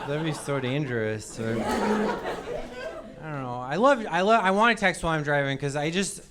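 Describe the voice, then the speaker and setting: A man's voice: fairly high pitch, animated, moderate pace, heavy background noise. A man from Wisconsin doing a stand-up comedy set, apologetic and self-deprecating, rambling with ums. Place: comedy show before a live audience. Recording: loud audience laughter behind.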